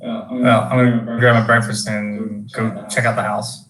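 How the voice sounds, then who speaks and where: A man's voice: on the low side, level tone, measured pace, fairly bright tone, slight background noise, poor audio. A man playing a tabletop game in casual chat, asking joking questions. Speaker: player.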